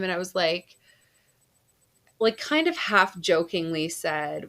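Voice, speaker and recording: A woman's voice: mid-range voice, takes it slowly, long pauses, a bit bright. A woman in her thirties, a podcast host, casually telling a personal story with frequent laughs and fillers. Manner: chatty, laughs often, lots of fillers.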